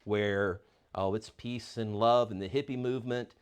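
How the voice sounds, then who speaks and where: A man in his fifties teaching a Bible class in a casual discussion, often halting and repeating his words. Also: lowish voice, fairly even intonation, clean tone. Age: 50s.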